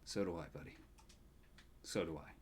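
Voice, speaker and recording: A game master slips into a towering old grandfather in a tabletop game, his deep, booming voice gentle and reassuring. He teases and steadies in the same breath, with an even, mid-range pitch. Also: normal speed, a little hiss or hum, lightly acted. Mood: tender.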